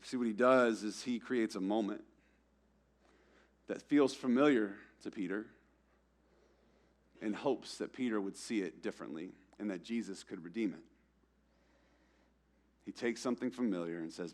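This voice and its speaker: A young man preaching a sermon in a church, casual and conversational, acting out quotes with slang and swinging between loud emphatic lines and hushed ones. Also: on the low side, normal speed, long pauses. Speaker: pastor.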